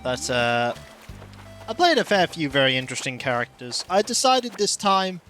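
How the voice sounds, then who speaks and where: Playful game streamer, lively pitch, soft game music under the talk. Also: moderate pace. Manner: playful, animated, drops to soft asides. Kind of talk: casual gameplay commentary.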